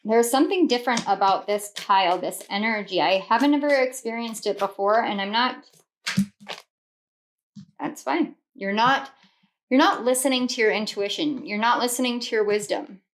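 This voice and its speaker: A woman's voice: a little high, normal speed, slight background noise. A woman reading tarot cards to camera, earnest and rambling, often repeating herself and laughing. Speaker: tarot reader.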